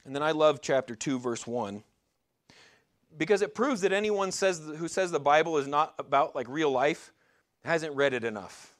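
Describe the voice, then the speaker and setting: A man's voice: on the high side, animated, normal speed, fairly bright tone. A man preaching a sermon in a conversational way, asking his listeners rhetorical questions and sometimes stumbling and restarting. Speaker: pastor.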